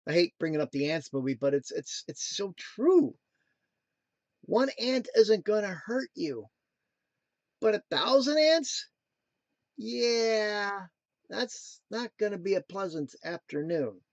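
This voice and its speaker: A man in his thirties hosts a casual motivational talk, with a high-pitched voice recorded dry and close. He wanders into playful, jokey tangents and then returns earnestly to his message. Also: sing-song, unhurried, no room sound, muffled recording. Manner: playful, jokey asides, sings snatches. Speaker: motivational show host.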